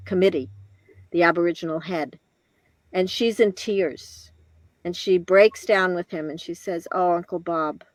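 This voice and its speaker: Her voice sits on the low side with no echo as this older woman shares a personal story as an interview guest. She is thoughtful and hesitant, with restarts and gentle laughter.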